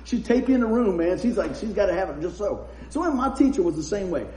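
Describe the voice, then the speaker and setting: A man's voice: high-pitched, lively intonation, quick pace, a little mellow, slight background noise. A man preaching a sermon, chatty and laughing as he tells anecdotes. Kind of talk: sermon with humorous storytelling. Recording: roomy echo.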